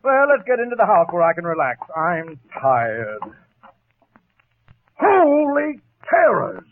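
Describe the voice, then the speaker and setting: A man's voice: a little high, sing-song, normal speed. An actor playing an exasperated, blustering middle-aged male homeowner in a 1940s radio comedy. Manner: blustering, sputtering. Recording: tinny old radio broadcast.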